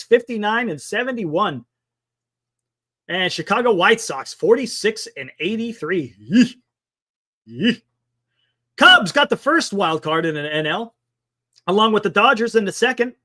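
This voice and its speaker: A man hosts a casual sports talk stream, rambling through the standings and answering his chat with a sarcastic edge. His voice sits high and swings widely in pitch as he talks. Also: pushed and bright. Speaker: sports talk show host.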